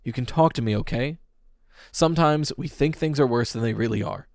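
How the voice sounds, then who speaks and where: Narrator as a reassuring middle-aged teacher, gentle and steady. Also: male voice, medium pitch, fairly quick, gravelly, no room sound, studio quality, close to an everyday voice. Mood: soothing. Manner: soothing, reassuring. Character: calm concerned male teacher.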